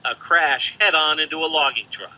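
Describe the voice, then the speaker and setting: A male television reporter narrating a news story in a crisp, measured reporting cadence. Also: fairly high pitch, slight background noise. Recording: dull broadcast news audio.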